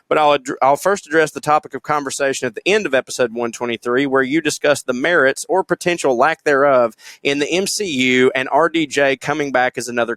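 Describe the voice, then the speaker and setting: A man reads listener emails aloud on a podcast. He is loose and jokey, laughs along, and drops curse words. His voice sits at an ordinary middle pitch, recorded close and dry. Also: a bit bright, dry recording. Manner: loose and jokey, swears freely, laughs while reading. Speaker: podcast co-host.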